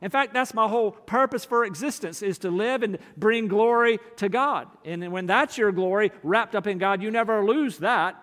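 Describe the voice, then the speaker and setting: A man delivering a sermon in a high, light voice, earnest and deliberate, drawing out the words he wants to land. His voice rings out with a long reverb, as in a large church sanctuary. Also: fairly bright tone. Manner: earnest, slows and stresses key phrases. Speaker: pastor.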